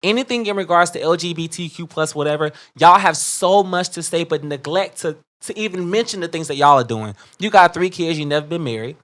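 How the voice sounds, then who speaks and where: A fired-up man sounding off on a casual podcast. He curses freely, keeps circling back to his point, and now and then jumps to loud, high bursts of outrage. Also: fairly quick, few pauses, a little hiss or hum. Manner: fired-up, profane ranting with sudden loud bursts. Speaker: podcast co-host. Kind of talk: heated casual commentary.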